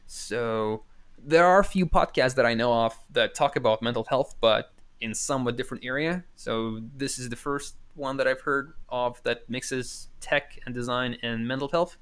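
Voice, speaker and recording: A man's voice: medium pitch, normal speed, fairly bright tone, smooth. Rambling self-deprecating male podcast co-host. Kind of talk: casual chat. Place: home, remote call.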